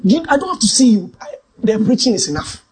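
A man preaching a sermon testimony, dramatic, swinging from shouted lines to hushed asides. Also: very high-pitched, big pitch swings, quick pace, husky.

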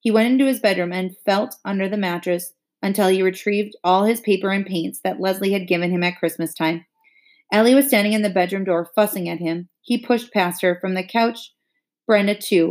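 A woman's voice: mid-range voice, steady tone, a little fast, a little mellow. Woman reading a novel aloud. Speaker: narrator.

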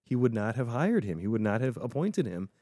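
A man co-hosting a casual political podcast, talking in an animated way and often restarting his sentences. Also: mid-range voice, brisk, no echo, studio quality. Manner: animated, with frequent restarts and repeated words.

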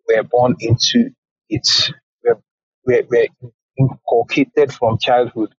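A man in a casual online audio room discussion, arguing forcefully and often restarting his words. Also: medium pitch, slightly rough, highs cut off. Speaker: Clubhouse room participant. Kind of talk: impassioned discussion.

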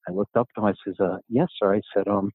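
A middle-aged man from New York tells a story in a podcast interview and acts out the voices of the people in it. His voice is low and husky. The sound is dry and thin, like a phone line. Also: quick pace, dry recording. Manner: animated storyteller, acts out quoted dialogue. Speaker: guest, author and gym owner.

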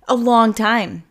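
Her voice sits on the high side with a fairly bright tone as this podcast host chats casually on her solo show. She rambles, cuts herself off, and curses freely.

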